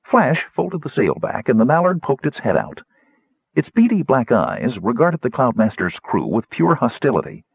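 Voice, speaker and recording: A man reading a fantasy story aloud, narrating lively and putting on higher voices for the characters. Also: moderate pace, vocal fry, husky, no echo, narrow, tinny audio. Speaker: audiobook narrator.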